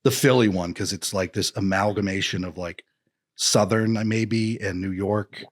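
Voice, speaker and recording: A man's voice: fairly low pitch, steady tone, normal speed. A man chatting as a podcast guest, joking and slipping into comic voices. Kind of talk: casual podcast chat.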